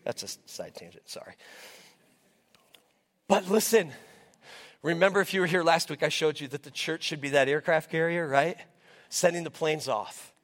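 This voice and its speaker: A middle-aged American pastor preaching with passion, his voice sitting high for a man. He exhorts the congregation, keeps breaking into asides, and sounds sweaty and short of breath. His words ring out with a long reverb through a big church sanctuary. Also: expressive, moderate pace, long pauses, a bit bright. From United States. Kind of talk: sermon. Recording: long reverb of a large hall.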